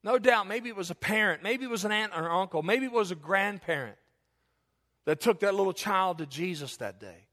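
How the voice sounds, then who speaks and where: A middle-aged male pastor preaching a sermon, moving between loud, high passages and low, quiet appeals to the congregation. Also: animated, moderate pace. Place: church sanctuary. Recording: long church hall reverb.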